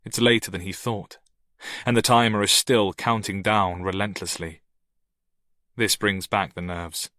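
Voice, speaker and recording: Man, audiobook narrator, low voice, steady tense reading, dry recording. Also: measured pace, no room sound. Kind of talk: scripted narration.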